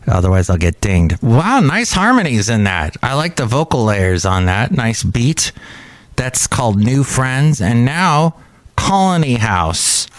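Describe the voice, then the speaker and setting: A man's voice: medium pitch, dry recording. Rambling, chatty man hosting a podcast. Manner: rambling, chatty, drifts between asides. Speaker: podcast host. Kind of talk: casual solo podcast chat.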